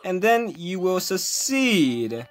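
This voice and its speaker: Excitable young man with a higher voice. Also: slow pace, faint music behind. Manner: jumpy, easily frustrated, yelps and rages at falls. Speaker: gaming video host. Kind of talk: casual gameplay commentary.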